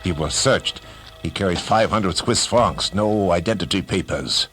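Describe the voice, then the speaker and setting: A man's voice: low voice, a little slow, fairly bright tone, breathy edge, soft background music, exaggerated voice. A man reading an audiobook, voicing a stiff guard giving a clipped, dutiful report. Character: stiff male guard reporting to his master.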